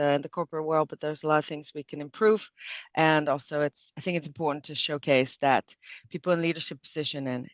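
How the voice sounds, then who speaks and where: A man in his thirties from Canada, speaking as the guest expert in a relaxed interview, pausing often with fillers and restarts. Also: fairly high pitch, no echo. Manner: thoughtful, with frequent fillers and restarts. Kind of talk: conversational interview. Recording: dull, dry lo-fi sound.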